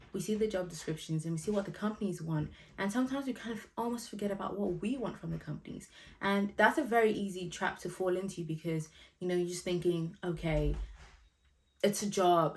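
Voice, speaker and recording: A young woman from Nigeria talks straight to her viewers in a relaxed vlog, her voice sitting a little low. She is chatty and direct, full of friendly asides and fillers as she hands out practical advice. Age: 20s. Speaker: vlogger giving job-search advice.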